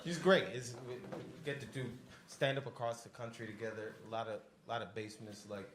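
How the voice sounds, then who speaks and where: Profane young comic in an echoey basement club. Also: male voice, mid-range voice, fairly even intonation, brisk, background noise. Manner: loose, rambling, profane delivery. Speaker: stand-up comedian. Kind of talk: stand-up set with crowd work. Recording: echoey club room, audience laughter.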